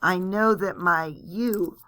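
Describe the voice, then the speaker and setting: A woman's voice: on the low side, a little slow, fairly bright tone. A woman teaching calculus in a recorded lecture, chatty and self-deprecating as she walks through each step aloud. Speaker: math teacher.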